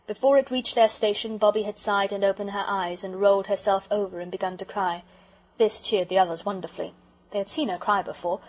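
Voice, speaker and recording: A woman narrating a children's audiobook with expressive storytelling. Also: mid-range voice, rough recording.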